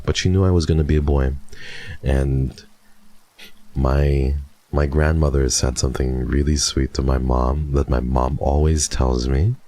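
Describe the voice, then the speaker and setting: A man streaming live, chatting casually with his viewers in a relaxed, chatty way and often breaking into soft laughs. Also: rumbling low. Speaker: VTuber streamer.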